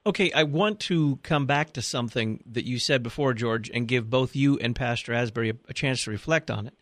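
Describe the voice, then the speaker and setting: Male radio host, measured and questioning, dry studio sound. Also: medium pitch, a bit bright, no room sound. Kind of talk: radio talk show hosting.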